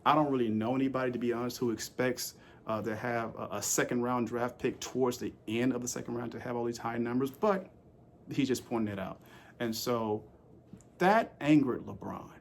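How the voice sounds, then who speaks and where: A man's voice: medium pitch, little pitch movement, brisk, a little hiss or hum. Rambling man vlogging about sports. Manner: rambling, with frequent fillers and restarts; asks the audience questions directly. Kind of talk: casual spoken commentary to viewers.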